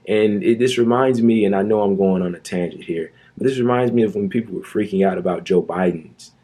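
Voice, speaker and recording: A man rants through a commentary monologue in a low, husky, mellow voice. He sounds indignant and sarcastic and leans hard on his points by repeating them. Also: brisk. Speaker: commentary youtuber.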